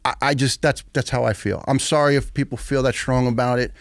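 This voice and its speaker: A man in his fifties, a retired firefighter and podcast guest, telling stories in an animated, profane way and acting out the dialogue. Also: mid-range voice, fairly quick, no echo, studio quality. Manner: animated, profane storyteller who acts out dialogue. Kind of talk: casual podcast conversation.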